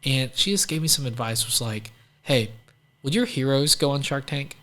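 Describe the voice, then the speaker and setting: A chatty man from Louisiana, a guest on an interview podcast, speaking at a middling pitch. He tells long stories loosely, full of "like" and "dude", and slips into the voices of the people he quotes. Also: lively intonation, normal speed, a bit bright. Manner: chatty, heavy use of "like", acts out quoted people. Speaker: entrepreneur guest. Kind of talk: casual storytelling interview.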